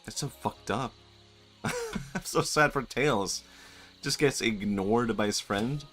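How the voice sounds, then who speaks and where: A man's voice: mid-range voice, animated, slow, fairly bright tone. A man streaming a video game, chatting casually, laughing often, rambling and swearing. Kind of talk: casual gameplay commentary. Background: game music.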